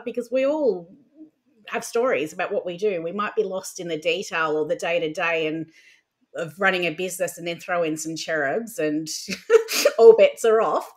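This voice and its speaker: Chatty woman storyteller. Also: lowish voice. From Australia. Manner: warm storyteller, chatty with asides. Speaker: podcast guest, writer. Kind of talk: conversational interview answers.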